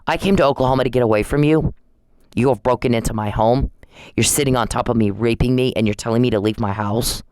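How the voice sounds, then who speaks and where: A man's voice: mid-range voice, fast, a little mellow, smooth, no room sound, rough recording. A man in an angry, confrontational rant at home, accusing and taunting someone with repeated challenges.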